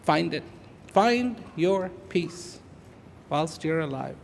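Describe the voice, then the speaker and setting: A man in his fifties from India, speaking, gives an inspirational speech to an audience. He repeats phrases for emphasis and swings between hushed and loud. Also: fairly high pitch, animated, slow pace, gravelly, a little hiss or hum. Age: 50s. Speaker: public speaker. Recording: echoey large hall.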